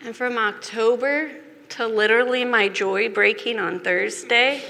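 A woman delivers a confessional sermon, earnest and heavy on repetition. Her tone is bright and her pace unhurried. The voice carries a long hall reverb over faint background noise. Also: fairly high pitch, gravelly. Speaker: preacher. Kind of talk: personal testimony sermon.

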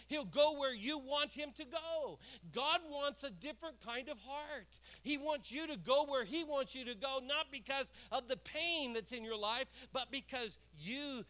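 A male pastor preaching with a high, bright, ringing voice. He throws questions out to the congregation and waits for their answers. On key phrases he slows right down and pushes them out loud. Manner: preaching with swells of loud emphasis and drawn-out words; asks the congregation questions and calls for responses. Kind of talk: sermon.

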